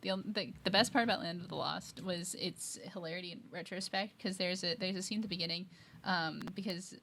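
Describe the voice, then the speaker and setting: A woman's voice: fairly low pitch, a little fast, vocal fry, fairly bright tone, slight background noise. A woman co-hosting a casual review chat, laughing easily and telling stories with animation. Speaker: co-host.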